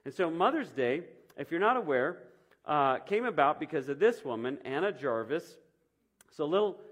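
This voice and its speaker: A man preaching a sermon in a church, conversational and loose, with frequent ums and restarts. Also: fairly high pitch. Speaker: pastor.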